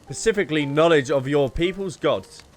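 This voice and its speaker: A man's voice: on the high side, moderate pace, lightly acted. A man voicing an earnest, formal young noble scholar while reading game dialogue. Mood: courteous.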